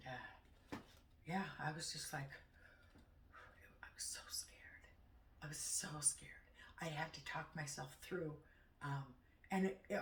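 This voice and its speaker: Rambling woman in an echoey room. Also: fairly low pitch. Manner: rambling, halting, chatty. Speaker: vlogger. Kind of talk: casual vlog chat. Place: home. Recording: echoey room, far from mic.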